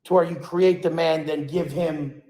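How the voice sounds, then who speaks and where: A man's voice: on the high side, fairly even intonation, normal speed, mellow, echoey room, poor audio. A man giving an earnest, preachy motivational speech about energy and enlightenment. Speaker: motivational speaker.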